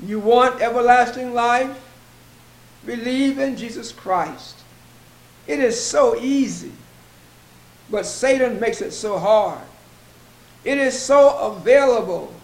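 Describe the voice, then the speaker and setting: Slow, emphatic high-voiced male pastor. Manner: slow, emphatic, repeats scripture references. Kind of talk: sermon. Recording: echoey room.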